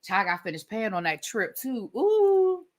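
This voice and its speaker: A woman's voice: on the low side, quick pace, bright, forceful tone. A woman hosting a livestream as a reality TV reviewer, giving blunt, opinionated commentary with casual swearing and replying to viewer comments.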